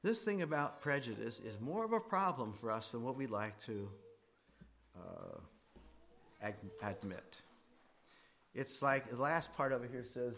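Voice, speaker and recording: A man's voice: medium pitch, very animated, measured pace, pauses often, fairly bright tone, a little hiss or hum. A middle-aged man teaching a faith class in a classroom, talking conversationally and putting questions straight to his students. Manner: conversational, asks students directly, voice rises and drops widely.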